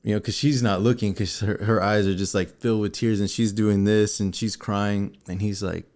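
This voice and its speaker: A man with a slightly low voice co-hosts a relaxed talk show. He tells a personal story straight to the viewers and acts out every scene as he goes. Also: moderate pace. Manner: animated, acts out scenes and quotes. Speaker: co-host.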